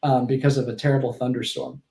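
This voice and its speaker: A man's voice: medium pitch, steady tone, quick pace, warm tone, echoey room. A man in his twenties, a podcast guest, telling stories casually, with frequent restarts and self-corrections. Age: 20s. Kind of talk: casual storytelling in a conversation.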